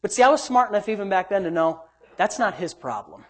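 A man preaching a sermon and telling his own story. He swings between loud, emphatic preaching and low, muttered asides, and he acts out the quoted voices. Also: sing-song, fast talker. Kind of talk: sermon with personal testimony.

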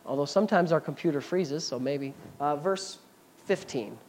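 A man's voice: on the high side, normal speed, darkish tone, a little hiss or hum. A man preaching a sermon, reading scripture and explaining it with chatty, fervent asides. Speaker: pastor.

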